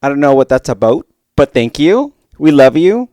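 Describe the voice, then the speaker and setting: A man's voice: on the high side, sing-song, normal speed, dark tone, no room sound, studio quality. A man co-hosting a podcast in casual chat, playful and goofy. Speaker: podcast co-host.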